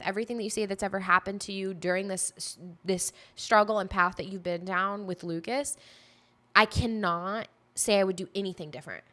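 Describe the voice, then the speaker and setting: A woman's voice: medium pitch, pushed and bright. A woman co-hosting a podcast, talking emphatically in casual chat and stacking up lists of phrases. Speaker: podcast co-host.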